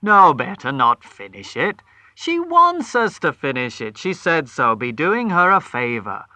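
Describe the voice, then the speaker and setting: A man's voice: a little high, very animated, unhurried, pushed and bright, no echo, exaggerated voice. A man reading aloud voices a blunt, hearty middle-aged police sergeant in a told story.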